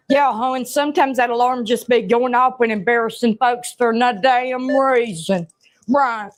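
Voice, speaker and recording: A woman acts out a gossiping Southern store greeter with a high, bright voice and a thick Southern US drawl. She tosses out blunt remarks in a chatty comedy sketch. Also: a little slow, lightly acted. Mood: sassy.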